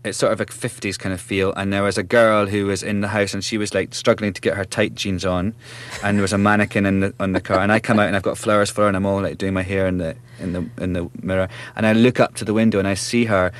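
A man in his thirties with a Scottish accent, an actor chatting as an interview guest, self-mocking and quick to laugh. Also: lowish voice, flat delivery. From Scotland. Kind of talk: relaxed interview chat.

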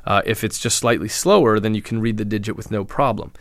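A man, a neuroscientist guest in an interview, explaining his research in a measured way with frequent restarts. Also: fairly low pitch, no echo, studio quality. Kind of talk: interview answers.

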